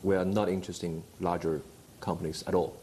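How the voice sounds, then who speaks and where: A man's voice: low voice, flat delivery, a little fast, warm tone, a little hiss or hum. A man being interviewed as a company executive, giving short, confident answers. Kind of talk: broadcast interview.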